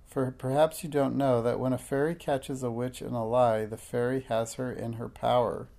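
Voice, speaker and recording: A beautiful, gentle nymph mother speaks in soft, lilting tones, put on by a man reading a storybook aloud. The voice stays low and mellow, with a gravelly edge. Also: little pitch movement, moderate pace, natural voice.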